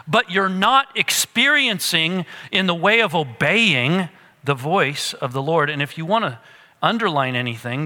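A man preaching a sermon, animated at times and dropping to a hush for emphasis. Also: fairly high pitch, big-room sound. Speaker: pastor.

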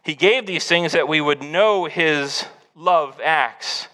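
A man's voice: on the high side, slow, bright, forceful tone, in a large hall. A man preaching an earnest, exhorting sermon as pastor.

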